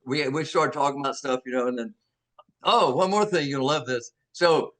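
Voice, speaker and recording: An older actor being interviewed, telling animated stories with many restarts and acting out the voices of people he quotes. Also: medium pitch, normal speed. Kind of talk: anecdotal storytelling.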